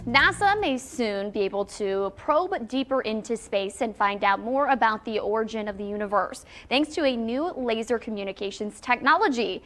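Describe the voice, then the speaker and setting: A female news anchor reading a science story in a bright, enthusiastic way. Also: on the high side, animated, normal speed, few pauses, soft background music.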